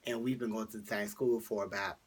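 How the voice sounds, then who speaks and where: A teenage boy vlogger chatting through a storytime, rambling with fillers, jumping high for quoted lines and dropping to whispers. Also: flat delivery, a little fast, husky. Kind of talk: casual storytime vlog.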